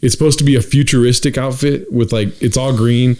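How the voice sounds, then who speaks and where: A young man co-hosting a relaxed podcast chat. He tells a story with lots of energy, acts out the voices of the people in it, and curses casually. His voice sits at an ordinary middle pitch. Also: fairly quick. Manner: animated storyteller, acts out quotes, swears casually. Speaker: podcast co-host.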